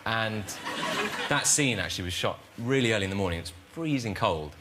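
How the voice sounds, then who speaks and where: A man's voice: lowish voice, lively intonation, brisk, pushed and bright. A man, a chat show guest telling an amused story about a film shoot. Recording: noisy studio recording.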